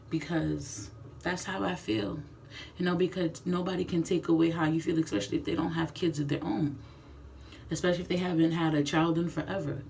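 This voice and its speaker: A woman's voice: low voice, creaky, a little mellow, recorded from a distance, a little hiss or hum. A young woman filming a candid confessional vlog in her bathroom, speaking frankly and emphatically, sometimes dropping to a whisper. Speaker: vlogger. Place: home bathroom.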